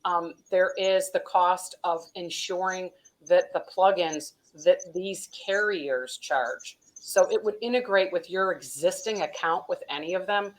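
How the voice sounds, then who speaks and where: A company vice president, a woman with a fairly low-pitched voice, talks at a measured pace over a low-quality recording. Her style is a conversational business-webinar explainer: chatty, advisory, walking through practical steps with plenty of "um" and "you know."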